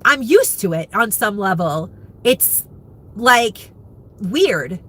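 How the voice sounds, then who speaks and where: A woman's voice: medium pitch, big pitch swings, slow pace, slightly rough. A woman in her fifties chatting candidly to viewers in a rambling, emotional way. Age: 50s. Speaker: vlogger. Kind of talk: candid live chat.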